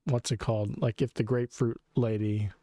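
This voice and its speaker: A man's voice: medium pitch, level tone, normal speed, mellow, no room sound. A man co-hosting a podcast, chatting casually and profanely while reacting to videos. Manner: profane, amused, rambling. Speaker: podcast co-host.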